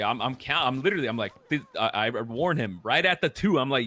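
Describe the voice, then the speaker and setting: A young man casually recounting a roleplay story, profane and animated, dropping into low mutters when quoting people. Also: a little fast. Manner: profane, animated, quotes others in muttered voices.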